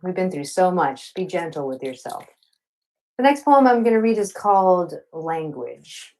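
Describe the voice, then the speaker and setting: Poet, woman, lowish voice; playful asides, slow rhythmic poem reading over video call. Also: sing-song, low-quality recording. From Arkansas, USA. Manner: warm, playful talk between poems; slow, rhythmic poetry delivery. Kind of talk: poetry reading.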